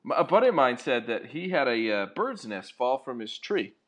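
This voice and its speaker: A man's voice: mid-range voice, sing-song, moderate pace, fairly bright tone. A man chatting casually, laid-back and agreeable, telling a story. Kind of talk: casual chat.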